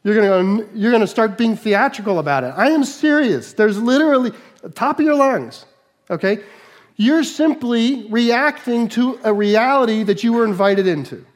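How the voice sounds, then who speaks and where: A male pastor delivering a sermon with animated energy. He drops into quiet, conversational asides and then rises into emphatic, raised lines. His voice sits a little higher than most men's. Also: moderate pace.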